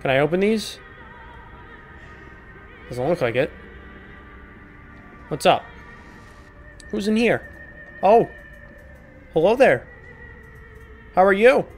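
A man's voice: high-pitched, sing-song, slow, long pauses, faint music behind. A man hosting a horror game playthrough, talking to the characters with joking, profane, mock-apologetic banter. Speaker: gaming video host. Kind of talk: horror game let's play commentary.

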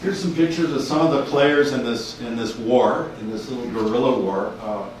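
A man's voice: mid-range voice, moderate pace, a little mellow, recorded from a distance, slight background noise. Man lecturing in an echoey room. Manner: rambling, hesitant, many restarts. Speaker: university professor giving a talk. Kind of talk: lecture with slides.

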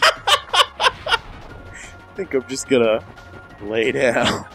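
A man's voice: medium pitch, extremely slow, music in the background. A young man co-hosting a game playthrough, cheering, swearing and heckling in casual banter. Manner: excitable, profane, cheering and heckling. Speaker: co-host watching a playthrough. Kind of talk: casual let's-play banter.

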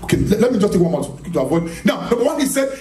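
A man's voice: sits high, big pitch swings, racing, dark tone, soft background music. A man preaching a charismatic sermon, emphatic and repetitive, asking the congregation questions and laughing as he speaks. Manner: emphatic, repeats phrases, rhetorical questions to the audience; laughs often while preaching. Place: church hall. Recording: echoey hall, mic from a distance.

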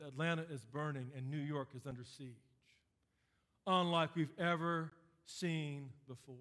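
A man's voice: sits high, sharp tone. A man preaching a sermon as pastor, building points through emphatic repetition and dry sarcasm.

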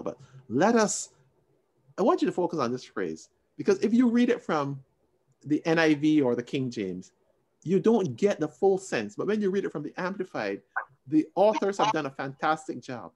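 A man with a fairly high voice teaching a Bible study over a video call. He talks in an expressive, emphatic way, lifting his voice to stress a point and then dropping into quiet asides. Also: normal speed. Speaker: Sunday school teacher.

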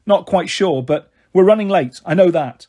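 A brisk, frazzled young mother on the run, her voice husky and pitched a little high, as a man reads her part. She talks in quick, clipped snaps. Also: warm tone. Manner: brisk, snapping.

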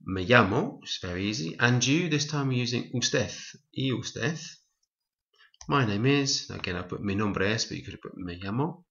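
A man teaching a Spanish lesson, reading example lines slowly and explaining each step clearly. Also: mid-range voice, lively intonation, a bit bright, highs cut off. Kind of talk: recorded language lesson.

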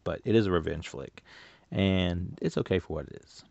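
A very low, gravelly male voice talks through a movie review in a loose, rambling way, full of filler words. The recording is dull and lo-fi, with a dry, close sound. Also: normal speed, a little mellow, dry recording. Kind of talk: casual spoken movie review.

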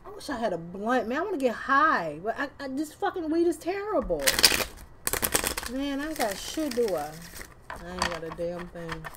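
Over very noisy audio, a tarot card reader speaks to camera at a moderate pace in a fairly high, sing-song voice. She keeps it relaxed and talkative, throwing in slang, curses, and laughter.

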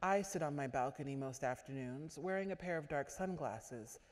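A woman author giving a measured literary reading at a stage microphone in a large auditorium. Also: deep voice, animated. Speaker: author reading her fiction. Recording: echoey auditorium.

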